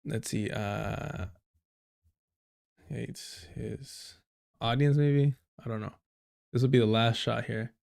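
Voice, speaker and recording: A male streamer talks through clips in a loose, rambling way. He swears often and leans on fillers, his voice sitting in an ordinary middle pitch. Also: slow, creaky, pauses often, a little mellow. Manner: rambling, profane, many fillers. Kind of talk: casual live-stream commentary.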